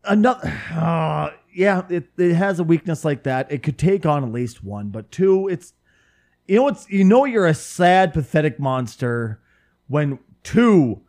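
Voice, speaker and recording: A man's voice: a little high, measured pace. A man co-hosting a casual podcast, swearing freely and poking fun at his own mispronunciations. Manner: animated, profane, self-mocking. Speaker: podcast co-host. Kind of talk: casual chat.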